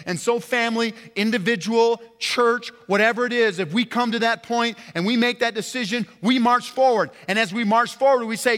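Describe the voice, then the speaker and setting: Impassioned preacher in a reverberant hall. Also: male voice, a little fast, few pauses. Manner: impassioned preaching, swinging from loud emphatic highs to quiet low stresses. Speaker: pastor. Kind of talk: sermon. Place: church sanctuary.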